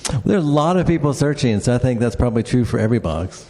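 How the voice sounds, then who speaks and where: A man's voice: mid-range voice, lively intonation, quick pace, mellow. A man who created a treasure hunt, answering audience questions with a hesitant, repeating manner and some laughter. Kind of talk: live Q&A answers. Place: large convention hall. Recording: echoey convention hall reverb.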